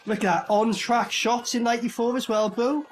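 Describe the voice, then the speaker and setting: A man's voice: extremely high pitch, moderate pace. A young man with a Welsh Valleys accent, commenting casually on a film with lots of laughing and swearing. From Wales. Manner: laughing, swearing, excitable banter. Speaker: film reaction reviewer. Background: film soundtrack playing.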